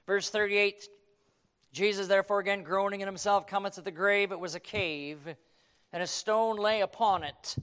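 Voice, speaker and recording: High-voiced man preaching a fiery sermon. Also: normal speed, smooth. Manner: dramatic, swings from hushed to shouting; quotes King James scripture.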